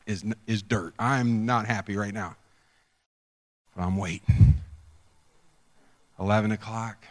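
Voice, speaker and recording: A man preaching a sermon, telling a personal story with animated swings from hushed whispers to shouts. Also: on the low side, measured pace, pauses often, big-room sound. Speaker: pastor.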